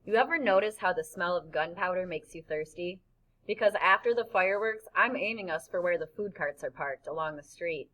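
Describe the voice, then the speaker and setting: A woman narrating a novel in first person, in a lively storytelling manner. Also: lowish voice, rough recording. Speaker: audiobook narrator. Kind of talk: scripted narration.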